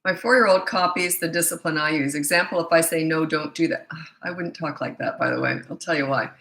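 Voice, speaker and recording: A woman's voice: on the low side, fast, a bit bright, echoey room. A middle-aged woman parenting coach reading viewer questions and answering them in a blunt, opinionated, casual way.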